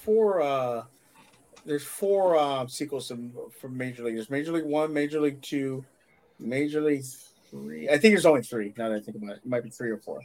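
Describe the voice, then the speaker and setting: A man's voice: medium pitch, brisk, a little mellow. A man cohosting a casual podcast chat, rambling and mock-indignant as he talks.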